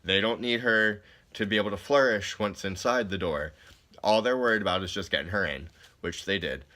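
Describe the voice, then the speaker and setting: Brief: male presenter, lowish, bright edge, casual explainer working through a court case. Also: a little fast. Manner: casual, many fillers, explains plainly. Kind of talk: recorded slide presentation, reading legal definitions aloud.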